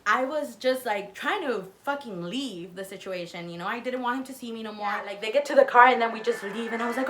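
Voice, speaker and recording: A young woman in her twenties telling a story casually on her vlog, animated and profane, acting out what people said. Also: on the high side, fairly quick, hardly any pauses, music in the background. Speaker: vlogger.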